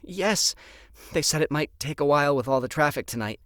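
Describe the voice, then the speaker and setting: A man's voice: on the high side, expressive, fairly quick, a bit bright, no room sound, studio quality, pitched above the performer's own voice. A male narrator voicing a frightened young woman, a restaurant hostess who speaks in a shaky voice.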